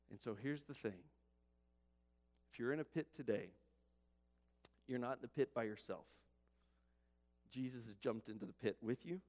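A male pastor preaching earnestly in a middle-pitched voice, repeating his points and often sinking to a quiet hush. A long hall reverb trails his words. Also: expressive, moderate pace, pauses often. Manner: earnest, repetitive, drops to a soft hush. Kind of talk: sermon.

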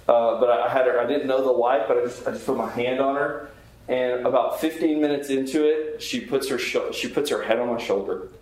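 A man's voice: mid-range voice, darkish tone. A man, a chaplain, teaching a Bible class in an earnest, conversational way and putting questions to the group. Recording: very echoey room, faint background hiss.

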